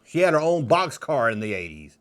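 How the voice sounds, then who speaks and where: A man's voice: medium pitch, big pitch swings, brisk, a bit bright. A middle-aged man hosting a casual show-and-tell vlog, rambling with jokes and nostalgic asides. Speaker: toy collector host.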